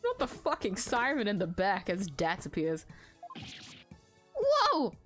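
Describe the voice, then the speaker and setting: A woman's voice: medium pitch, normal speed. A young woman streamer playing through a game, reading its dialogue aloud and reacting with swearing and laughter. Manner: animated, swears, laughs often, reads character lines aloud. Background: soft background music.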